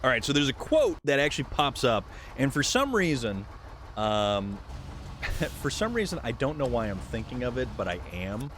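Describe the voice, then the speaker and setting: Guy streaming a truck game, chatty and goofy, pitch jumping around a lot. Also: very animated, normal speed, a bit bright, slight background noise. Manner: rambling, jokey, reads chat aloud. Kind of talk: live-stream chat while gaming.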